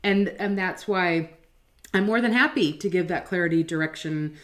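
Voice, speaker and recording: A woman co-hosting a casual spiritual chat at home, animated and quick to laugh, who works as a channeler. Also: fairly low pitch. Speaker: channeler and co-host. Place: home table.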